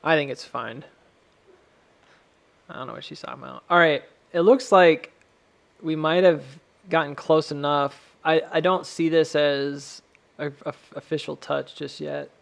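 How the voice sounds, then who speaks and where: An American man hosts a casual live stream from home, rambling and chuckling at himself. His voice sits a little high and has a gravelly rasp. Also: fairly even intonation, unhurried. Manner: laughs often, rambling and self-amused.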